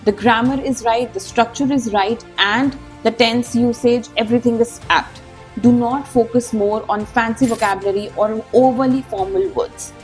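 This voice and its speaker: A woman teaches an online exam-prep lesson. Her voice sits a little high, and she speaks in an emphatic, instructive way, calling her viewers "guys." Soft music plays faintly underneath. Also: fairly even intonation, normal speed. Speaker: IELTS teacher.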